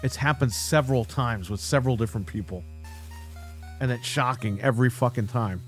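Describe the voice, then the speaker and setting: Man, livestream host, heated profane rant, mid-pitched voice, faint background music. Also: fairly quick. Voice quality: profane, blunt. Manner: heated, ranting, mocking. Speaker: podcast host.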